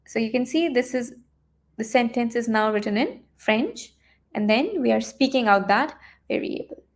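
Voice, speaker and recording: This coding teacher leads a live online lesson over a computer mic, guiding viewers through her screen. She talks at a moderate pace in a fairly high voice with lively intonation, thinking aloud and scattering fillers and restarts throughout.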